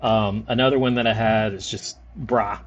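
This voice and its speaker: Man, rambling game commentary, lots of fillers, fairly low voice, faint ambience. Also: fairly even intonation, moderate pace, highs cut off, a little hiss or hum. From New Orleans area, Louisiana. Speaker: game streamer. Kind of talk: casual commentary over gameplay.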